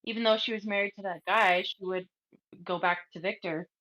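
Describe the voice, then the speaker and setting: A woman's voice: mid-range voice, fairly even intonation, fairly quick, sharp tone, highs cut off. A woman, a guest on a podcast, chatting casually about a classic film and reading from her notes. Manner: matter-of-fact, reads from notes.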